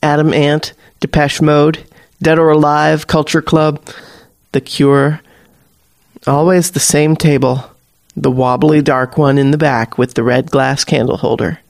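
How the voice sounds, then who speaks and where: A male narrator reads a story in a slow, deliberate way, taking his time over each phrase. His voice is fairly high for a man. The recording is close and dry, with no room sound. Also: creaky, no room sound. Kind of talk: scripted narration.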